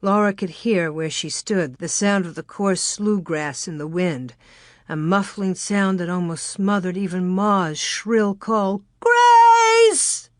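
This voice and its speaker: A woman reading an audiobook in a measured, expressive way. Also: on the low side, no echo, studio quality. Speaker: audiobook narrator. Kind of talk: scripted narration.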